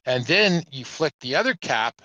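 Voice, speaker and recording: A man, casually telling a long, animated anecdote on a podcast panel. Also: medium pitch, normal speed, no room sound, muffled recording. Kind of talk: casual storytelling chat. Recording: music playing underneath.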